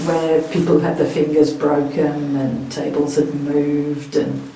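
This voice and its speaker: A woman's voice: deep voice, warm tone. Aussie lady ghost hunter talking to her stream, jumpy and chatty, big echo off stone walls, faint hiss. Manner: chatty, talks to viewers, nervous edge. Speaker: paranormal investigator and host. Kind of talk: live ghost-hunt stream chat. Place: dark stone prison cell, indoors. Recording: very echoey stone room with hiss.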